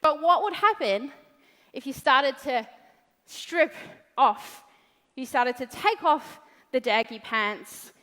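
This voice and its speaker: A woman's voice: high voice, fairly bright tone. A woman with a New Zealand accent giving a motivational talk at an event, blunt, profane and playful. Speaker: motivational speaker. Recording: long hall reverb.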